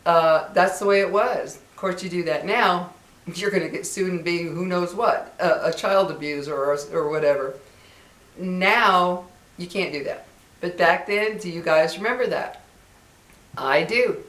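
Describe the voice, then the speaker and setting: An older woman vlogger chats casually to viewers in a low-ish, slightly bright voice at a somewhat slow pace. A chatty, reminiscing storyteller, she acts out quoted voices, recording in a roomy, echoey space.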